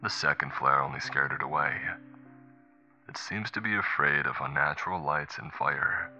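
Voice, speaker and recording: Man voicing a hushed, hunted pilot on tape. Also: moderate pace, soft background music, heavily acted. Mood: grim. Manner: low, tense, hushed reports. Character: wounded, hunted male pilot logging his last messages. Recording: muffled lo-fi recorder playback.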